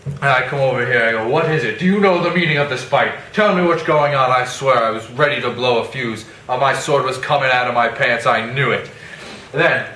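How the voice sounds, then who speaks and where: A bright, casual Othello, played by a man who brags and rambles like a modern guy at a party. He tells his tale in slang, with faint room noise. The voice sounds roomy and set back from the mic. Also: medium pitch, a little fast, natural voice. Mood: rambling. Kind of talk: parody skit. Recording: echoey room, mic at a distance.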